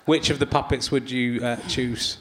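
An English man hosting a live comedy podcast on stage, asking teasing questions in a deadpan way. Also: mid-range voice, moderate pace, crowd noise. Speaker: podcast host. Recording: live theatre audience laughing behind.

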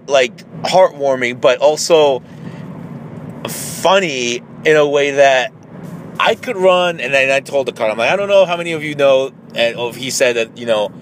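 Man, casual rambling storyteller, fillers and swearing, middle-pitched voice, inside a car, noisy road sound behind. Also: a bit bright. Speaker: amateur marathon runner.

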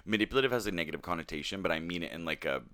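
Low-voiced man, bright tone, loose chatty co-host, fillers galore. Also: lively intonation, very fast. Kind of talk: casual chat.

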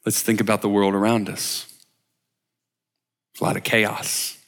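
A man preaching a sermon slowly and emphatically, asking his listeners rhetorical questions. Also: fairly low pitch, level tone, fairly bright tone, long reverb tail. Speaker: worship leader giving a short sermon. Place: church sanctuary.

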